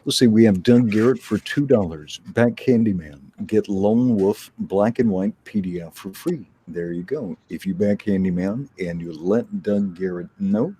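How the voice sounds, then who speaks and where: A man hosting a live stream, reading out viewer messages in a brisk, matter-of-fact way. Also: fairly low pitch, dark tone, slight background noise. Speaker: stream host reading super chats.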